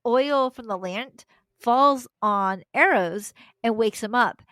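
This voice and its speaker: A woman's voice: a little high, slow pace, a bit bright, no room sound. A young adult woman, a podcast host, retelling a story casually with slangy asides and frequent laughter.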